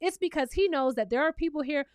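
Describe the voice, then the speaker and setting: A woman vlogger giving a sassy, animated recap of a reality TV episode and talking straight to her viewers. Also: high-pitched, fast, dry recording, studio quality. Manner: acts out cast members' lines in playful voices.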